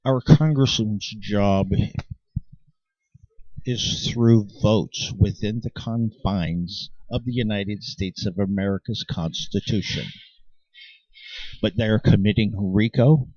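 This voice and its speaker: A channel host with a lowish, dark voice lectures his viewers in an impassioned, insistent way, frequently going back to restart his sentences. His delivery is emphatic. The lo-fi recording sounds dull and dry, without room sound.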